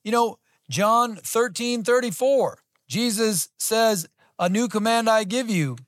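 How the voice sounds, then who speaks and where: A man with a fairly high voice gives a relaxed, conversational sermon. He reads scripture aloud and circles back on his main points, repeating them to drive them home. The sound is close and dry. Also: slow pace, no echo. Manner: plain-spoken, repeats key phrases for emphasis. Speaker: Bible teacher.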